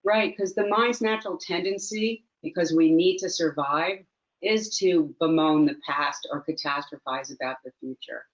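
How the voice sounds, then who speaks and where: A woman's voice: low voice, normal speed, lo-fi sound. A woman mindfulness teacher, a guest in a conversational interview, speaking earnestly and reflectively and repeating phrases for emphasis.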